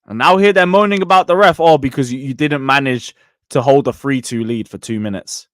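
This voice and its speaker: A man hosting a live football stream, reading super chats and mocking rivals with excitable banter. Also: mid-range voice, fairly quick, dry recording, clean studio sound.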